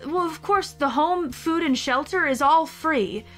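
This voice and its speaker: A woman's voice: high voice, measured pace, a bit bright, faint music behind, pitched above the performer's own voice. A woman voicing a polite, persuasive woman who runs a hidden base and talks like a salesperson.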